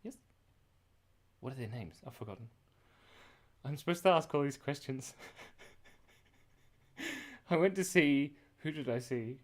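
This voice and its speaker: A man's voice: medium pitch, expressive, unhurried, long pauses. Aussie guy rambling on a drawing livestream, voice bouncing all over, laughs a lot. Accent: Australian. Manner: chatty, scattered, laughs often, reacts to chat messages. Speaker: livestream host drawing and reading chat. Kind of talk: rambling casual chat.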